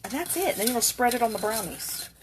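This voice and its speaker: A woman's voice: fairly high pitch, lively intonation, fairly quick, noisy background. A woman chatting casually in her home kitchen as she cooks, laughing often and cooing at her cats. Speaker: home cook and channel host. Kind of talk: casual cooking vlog. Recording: loud kitchen clatter behind voice. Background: dishes, cutlery and stirring sounds.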